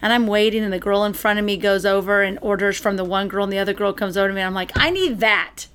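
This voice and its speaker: A woman co-host chatting casually and telling a lively story, acting out what people said. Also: mid-range voice, racing, smooth. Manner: chatty, animated storyteller who acts out quotes.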